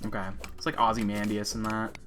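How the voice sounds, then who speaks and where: Excitable man yelping at a game. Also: lowish voice, a little fast. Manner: excitable, yelps and laughs often. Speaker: co-streamer. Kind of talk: casual gaming chat.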